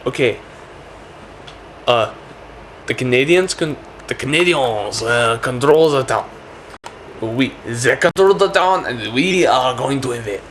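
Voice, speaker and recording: A man's voice: medium pitch, expressive, slow, pauses often, a bit bright, slight background noise. A man putting on a haughty French commander. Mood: scheming.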